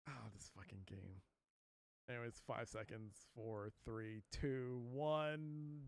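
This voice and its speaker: A man live-streaming a video game, swearing loudly and laughing as he plays. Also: medium pitch, steady tone, slow pace, creaky, a little hiss or hum. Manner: loud swearing outbursts and laughter while playing.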